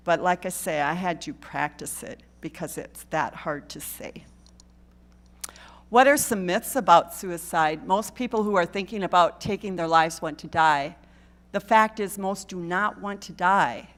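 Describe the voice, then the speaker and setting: A woman giving a live talk to a church congregation, earnest and direct, often checking in with the listeners. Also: lowish voice. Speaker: guest speaker at a church.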